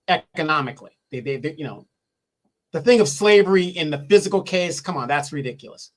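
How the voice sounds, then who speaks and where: A man's voice: on the high side, a bit bright. A man speaking as a guest in a live political discussion, pressing his points with rhetorical questions and frequent restarts.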